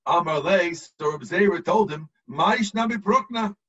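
A rabbi teaches his class over a video call, walking through the text step by step and checking that everyone follows. His voice sits high and husky. The sound is distant and muffled. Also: lively intonation, unhurried, fairly bright tone. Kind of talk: explaining a text to students.

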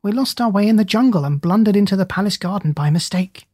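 A reader voicing a clever, bossy female parrot who talks in an urgent, hushed way in a storybook. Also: mid-range voice, lively intonation, fast talker, slightly rough, no echo, studio quality. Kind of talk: audiobook character reading.

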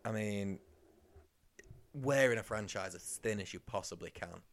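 A man's voice: fairly low pitch, unhurried. A man co-hosting a podcast, chatting casually and teasing his co-host with sarcastic asides. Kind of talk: casual chat.

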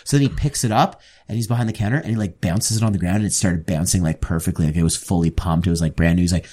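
A man's voice: mid-range voice, quick pace, hardly any pauses. A young man from Canada hosting a podcast, telling casual stories with lots of swearing and acted-out quotes. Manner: animated, swears a lot, jumps into mock quotes. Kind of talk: casual chat, storytelling.

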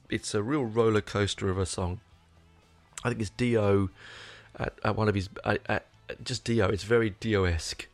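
A man's voice: on the low side, dry recording. A man casually reviewing a record, rambling and swearing with plenty of restarts and enthusiasm. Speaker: album reviewer. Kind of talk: casual spoken album review.

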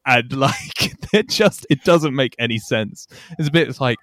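A man's voice: mid-range voice, expressive, moderate pace, a bit bright, dry recording, studio quality. A British man co-hosting a film podcast, chatting casually and enthusiastically, often laughing and acting out scenes. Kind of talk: casual chat.

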